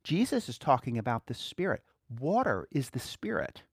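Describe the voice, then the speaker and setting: Animated, chuckling male preacher. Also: mid-range voice, moderate pace, breathy edge, dry recording, clean studio sound. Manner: animated, rhetorical questions, frequent chuckles. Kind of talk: teaching sermon to a small group.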